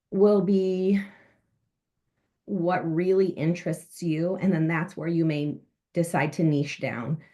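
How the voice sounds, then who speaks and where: A woman's voice: on the low side, mellow. A woman speaking earnestly on a panel about changing careers, with frequent fillers. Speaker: panel speaker, former insurance worker. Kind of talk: heartfelt testimonial on a video call.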